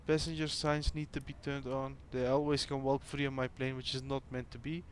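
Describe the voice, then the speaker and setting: A Dutch-speaking man streams a flight simulator, casually chatting and thinking out loud while he works through cockpit checks. His mid-range voice stays level in tone and moves briskly, with a little background noise. It's relaxed gameplay commentary.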